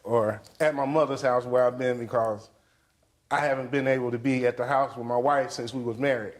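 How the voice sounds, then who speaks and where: A man's voice: mid-range voice, steady tone, fairly quick. A man testifying as a litigant in a televised courtroom, defensively explaining himself.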